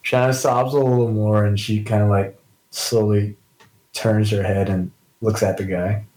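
A man's voice: fairly low pitch, flat delivery, unhurried, a little mellow, echoey room, rough recording. A man playing a tabletop role-playing game, describing what his character does, rambling and saying "like" a lot. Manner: rambling, heavy use of "like". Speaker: player.

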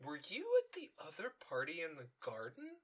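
Lively, bright, husky podcast voice. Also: medium pitch. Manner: chimes in with quick jokes and asides. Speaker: podcast co-host. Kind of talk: casual episode recap.

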